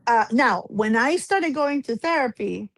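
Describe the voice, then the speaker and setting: A woman's voice: on the high side, expressive, unhurried, no echo. Woman, 40s, talk-show guest, chatty rambling storyteller, dry close sound. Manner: rambling personal storytelling with many fillers. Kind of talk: casual chat.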